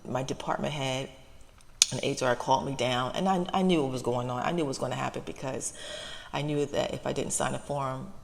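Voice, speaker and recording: An ASMR channel host with a deep, gravelly voice rambles softly and haltingly from her parked car, with fairly even intonation. Close to tears, she repeats herself often, and a long reverb trails behind her words.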